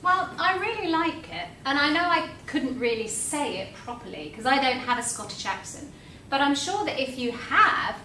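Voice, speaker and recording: A female teacher with a high, bright voice co-hosts a school assembly, gentle and encouraging while lightly teasing her colleague. She sounds distant from the mic in an echoey room with faint background noise. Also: animated, moderate pace. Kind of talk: light-hearted assembly presentation.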